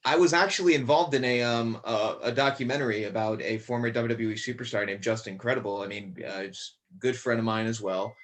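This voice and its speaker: Guy from connecticut rambling on a podcast, um and you know everywhere, mid pitch. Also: brisk, few pauses. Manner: rambling with many fillers. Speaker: podcast guest, actor. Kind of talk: casual chat.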